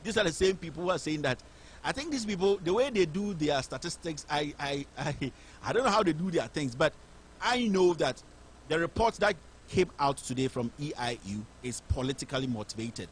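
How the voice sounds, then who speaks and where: A man's voice: a little high, animated, moderate pace, a little hiss or hum. Fiery Ghanaian man ranting on air. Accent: Ghanaian English. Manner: indignant, rhetorical, fiery. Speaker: host of a political commentary show. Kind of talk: impassioned political commentary.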